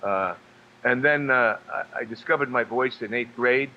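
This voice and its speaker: A man from New York, a guest actor and singer, telling stories in a halting way with many restarts and fillers. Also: medium pitch, lo-fi sound, slight background noise. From New York, USA. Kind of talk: casual storytelling interview.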